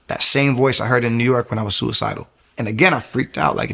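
Fast, emphatic young man telling his testimony. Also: medium pitch, gravelly, sharp tone. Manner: fast, emphatic telling with frequent restarts and sudden raised bursts. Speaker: former soldier giving a testimony. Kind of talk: personal faith testimony, casual storytelling.

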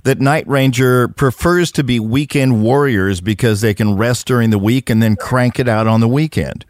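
A man's voice: mid-range voice, normal speed, no room sound. A man hosting a rock podcast, chatting and interviewing in an upbeat, promotional way. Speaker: podcast host. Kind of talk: casual radio-style interview.

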